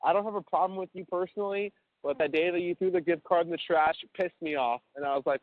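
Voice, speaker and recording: A man's voice: fairly high pitch, fast talker. A young man telling a long, rambling story on a casual phone call, full of fillers and swearing. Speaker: caller on a prison phone call. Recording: tinny phone line.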